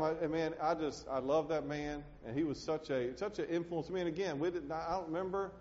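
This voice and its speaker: A man's voice: on the high side, steady tone, brisk, hardly any pauses, darkish tone, long reverb tail, muffled recording. A man preaching a sermon from the pulpit, folksy and emotional, tossing in "man" and "hey" as he talks. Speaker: pastor. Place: church sanctuary.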